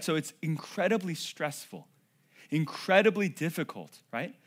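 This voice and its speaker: A man preaching a sermon, swinging from loud, emphatic declarations to hushed, quiet passages as he addresses the congregation directly. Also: a little high. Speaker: pastor.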